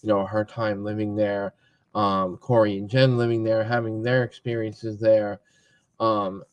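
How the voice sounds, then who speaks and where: A relaxed man hosts a podcast chat with a lower voice. He talks easily and often drops in short, agreeing replies. His audio sounds dull and lo-fi. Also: a little slow, no echo. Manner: relaxed, agreeable, many back-channel replies. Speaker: podcast host. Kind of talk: casual interview chat.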